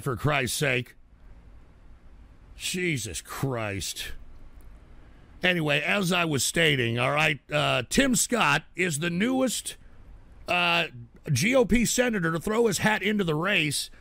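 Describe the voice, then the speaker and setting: A man hosting a political livestream show, ranting and swearing and shouting at trolls in the chat. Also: fairly high pitch, animated, a little slow, vocal fry, no room sound. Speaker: political talk show host. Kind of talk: angry livestream rant.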